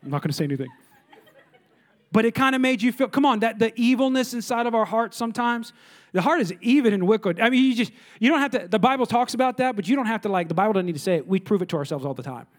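A man's voice: very high voice, quick pace. A middle-aged male pastor preaching a sermon, full of rhetorical questions and mock voices of complainers.

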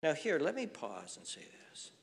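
A man pastor preaching a sermon, swinging from hushed near-whispers to raised, emphatic lines, repeating phrases as he builds. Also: fairly high pitch, wildly swooping pitch, moderate pace, a little hiss or hum. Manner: repeats phrases and restarts words. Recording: long reverb from a large room.

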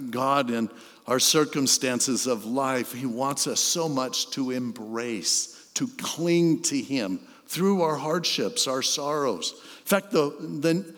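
A man preaching a sermon as a pastor, telling stories and swelling in intensity before dropping to a soft, earnest tone. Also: medium pitch, animated, slow, big-room sound. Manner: storytelling, swells then drops to soft intensity.

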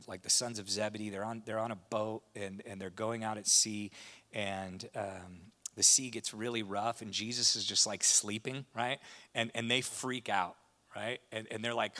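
A man preaching a sermon with impassioned delivery. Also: lowish voice. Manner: impassioned, rising to animated retellings. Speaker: pastor.

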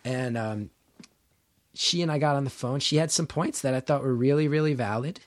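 Animated middle-aged man telling a candid story. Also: medium pitch, moderate pace, dry recording, clean studio sound. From New Jersey. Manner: animated, acts out quotes, swears freely. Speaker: comedian guest.

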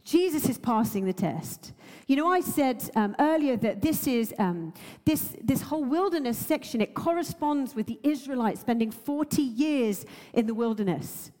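A woman's voice: high-pitched, darkish tone, big-room sound. A woman preacher giving a sermon, earnest and emotional, laughing now and then and using many fillers.

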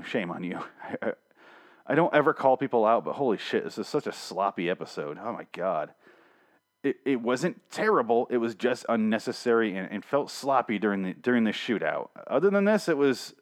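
A young man hosting a casual solo review podcast, talking sarcastically and swearing freely as he mocks an episode. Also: mid-range voice.

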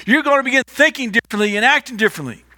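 A man's voice: extremely high pitch, animated, racing, bright, forceful tone. A man preaching a sermon as pastor, emphatic and repetitive, sometimes stumbling over restarts.

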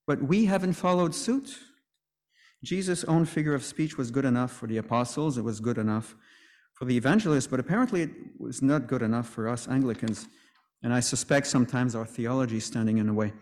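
A man's voice: mid-range voice, a little mellow, big-room sound. A man preaching a sermon in a conversational way, with joking asides.

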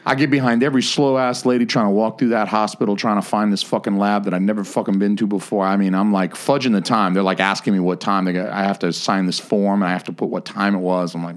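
A man with a fairly low voice co-hosts a casual podcast. He tells stories in a loose, profane way and gets animated as he goes. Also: fast talker, few pauses. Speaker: podcast co-host. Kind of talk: casual chat.

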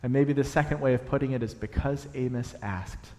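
A young adult man preaching a sermon in a church, animated, building to emphatic peaks as he explains a passage. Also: medium pitch, brisk. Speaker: pastor. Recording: long hall reverb.

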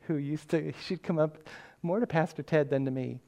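A man's voice: a little high, moderate pace, vocal fry, mellow. Older man preaching conversationally. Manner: conversational storytelling, self-deprecating humor. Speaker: pastor. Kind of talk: sermon.

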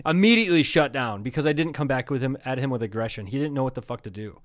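A man's voice: mid-range voice, animated, quick pace, no echo, clean studio sound. A man co-hosting a comedy podcast, chatting casually and rambling, swearing freely. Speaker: podcast co-host. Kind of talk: casual chat.

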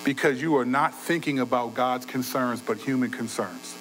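A man preaching a sermon in a conversational way, his voice swinging between loud bursts and quiet, low asides. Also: normal speed, background noise. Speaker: pastor.

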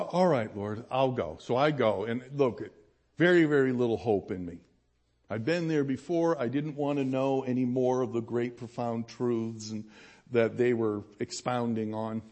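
A man's voice: medium pitch, a little mellow. A man pastor giving a sermon testimony, telling his story with animation and acting out the voices of people he quotes.

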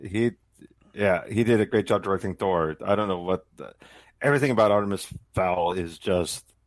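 A man's voice: sits low, moderate pace, no room sound. A man in casual chat, throwing in wry, sarcastic quips.

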